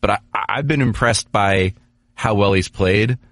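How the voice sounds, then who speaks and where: A man co-hosting a sports podcast, talking casually and at length with lots of restarts and animated asides. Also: lowish voice, a little slow, no echo. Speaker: podcast co-host, hockey writer.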